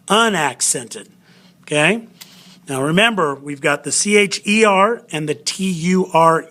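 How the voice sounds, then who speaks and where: A man's voice: on the high side, pushed and bright. A man teaching a recorded spelling lesson, patiently sounding out syllables and spelling words letter by letter.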